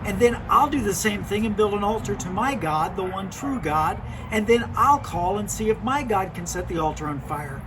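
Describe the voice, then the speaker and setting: A man doing a confident old-time prophet who mocks his rivals and calls out boldly. His voice sits high for a man, and it is told in a children's storybook way. Outdoor noise runs clearly underneath. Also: expressive, moderate pace, hardly any pauses, far from the mic. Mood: proposing. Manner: loud, mocking taunts. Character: bold male prophet, confident and teasing. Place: outdoors by a fire pit. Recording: noisy outdoor recording.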